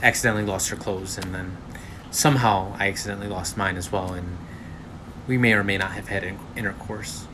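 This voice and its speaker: A man's voice: deep voice, fairly even intonation, fairly quick, background noise, natural voice. A man playing a sheepish delivery driver who hesitates and stalls with ums. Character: sheepish male delivery driver fired from his job. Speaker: job applicant in a skit.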